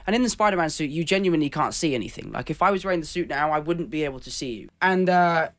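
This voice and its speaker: A young man with an English accent, chatting in an interview and telling animated, self-deprecating stories. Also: on the high side, quick pace. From England. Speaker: actor being interviewed. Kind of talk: casual interview chat.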